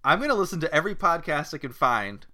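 A man's voice: a little high, sing-song, quick pace, bright, forceful tone. A man with an Australian accent hosting a podcast, rambling earnestly in casual comedy chat. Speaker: podcast host.

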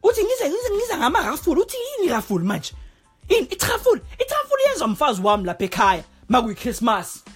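A woman's voice: high-pitched, wildly swooping pitch, soft background music. A woman putting on a baffled young Zulu man. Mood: puzzled. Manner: rapid, puzzled muttering.

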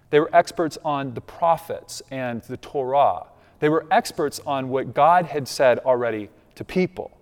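Male pastor, emphatic sermon delivery, lively pitch, reverberant hall sound. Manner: conversational, emphatic preaching with asides.

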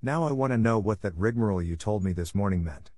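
A man's voice: fairly low pitch, lively intonation, mellow. A man reading a stern, scolding farm woman. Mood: firm. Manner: brisk, scolding. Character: stern, strict middle-aged farm woman. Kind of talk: audiobook character reading.

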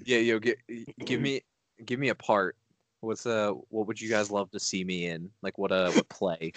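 A man's voice: fairly low pitch, fairly even intonation, normal speed, a bit bright, no echo. A young man in a casual group chat, laid-back and hesitant, often laughing.

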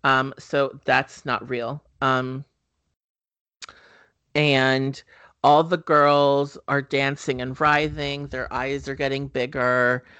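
A man's voice: medium pitch, level tone, slow pace, pushed and bright, clean tone, dry recording. A man hosting a podcast, casually recapping a horror movie with lots of fillers and offhand swearing. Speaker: podcast host.

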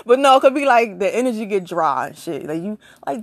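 This woman talks fast with few pauses, her blunt spiritual advice coming across as preachy and casual, loaded with rhetorical questions and cursing. Her pitch jumps widely as she gets animated, and the studio-quality audio has no echo.

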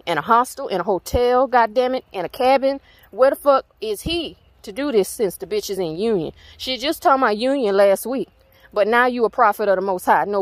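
A woman with a Southern US accent hosts a spiritual channel and goes on a heated rant to her viewers. She's blunt, emphatic, and swears constantly, her mid-range voice recorded with no echo.

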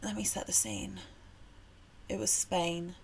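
A woman co-hosting a casual podcast, relaxed and giggly as she tells a family story. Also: on the low side, takes it slowly, vocal fry, slightly rough. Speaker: podcast co-host.

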